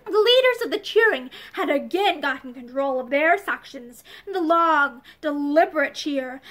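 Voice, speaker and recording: A woman reads an old-fashioned novel aloud, her high voice rising and falling with animated storytelling. She keeps a steady narrator's flow through each passage. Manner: expressive, lively storytelling. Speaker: reader.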